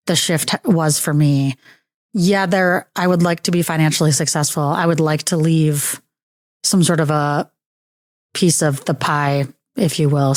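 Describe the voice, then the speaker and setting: A woman's voice: low-pitched, no echo, clean studio sound. A woman hosting a casual podcast interview, teasing her guest in a jokey way. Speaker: podcast host.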